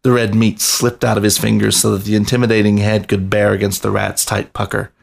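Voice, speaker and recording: A man reads a story aloud for his podcast in a steady, even voice. His register sits low, with a gravelly fry running through it. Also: fairly quick. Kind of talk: reading fiction aloud.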